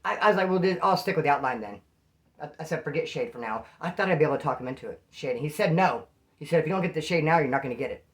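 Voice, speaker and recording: A man's voice: on the high side, lively intonation, racing. A man and former prisoner telling a casual first-person story, rambling in slang and acting out the dialogue he quotes.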